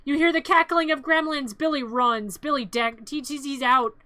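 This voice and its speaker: A woman's voice: sits high, moderate pace, bright, forceful tone, no room sound. A woman streamer retelling a film as a comedy bit, playful and rambling, with frequent asides.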